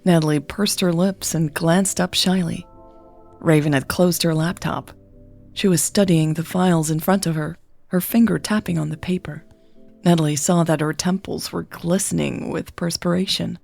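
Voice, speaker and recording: Woman narrator, romance story read aloud, calm, even, low-pitched, gravelly. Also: normal speed, no room sound, faint music behind. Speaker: podcast host and narrator.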